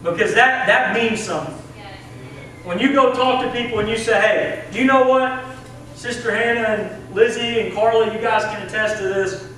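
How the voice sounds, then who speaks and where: High-voiced young Southern preacher. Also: male voice, steady tone, normal speed, a bit bright. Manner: earnest, conversational preaching with acted quotes. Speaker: assistant pastor. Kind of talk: sermon. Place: church sanctuary. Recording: echoey church from a distance, faint hiss.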